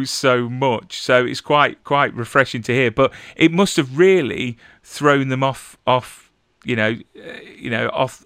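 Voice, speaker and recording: Stammering man with a bright, dry voice. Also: mid-range voice, no echo. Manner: stammers, repeats syllables. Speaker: interviewer host. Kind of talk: casual interview chat.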